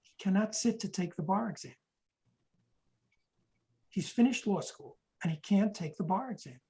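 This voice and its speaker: A woman's voice: medium pitch, expressive, moderate pace, dark tone, rough recording. Woman, history lecturer, explanatory, reads quotes aloud, corrects herself.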